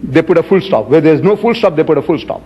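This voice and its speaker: A man's voice: on the high side, animated, quick pace, mellow, breathy edge. A man giving an emphatic religious lecture to an audience, quoting scripture with dramatic swings in his voice. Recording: dull lo-fi archive recording in a reverberant hall.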